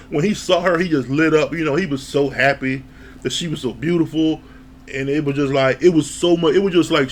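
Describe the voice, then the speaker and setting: A man's voice: fairly high pitch, a little hiss or hum. A man giving a casual, rambling recap of a TV episode, chatting along and laughing often. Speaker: TV show reviewer.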